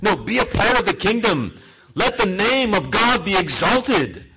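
A male pastor preaches with emphasis, shifting from forceful lines to near-quiet ones. His voice is high and husky. The sound is dull and lo-fi, like a church recording. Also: sing-song, a little slow. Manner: emphatic, swinging between loud and soft. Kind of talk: sermon.

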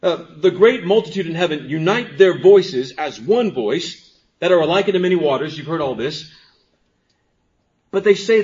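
A man preaching a sermon as pastor, dropping to quiet, drawn-out phrases and then rising to emphatic exclamations. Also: fairly high pitch, animated. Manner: swings from hushed to emphatic, with stretched pauses. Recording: dull lo-fi sermon recording.

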